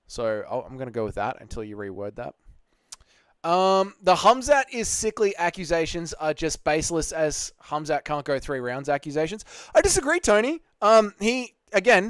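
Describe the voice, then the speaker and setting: A man's voice: on the high side, clean tone, no echo. A man hosting a casual livestream, reading chat comments aloud and arguing back. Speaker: livestream host answering chat.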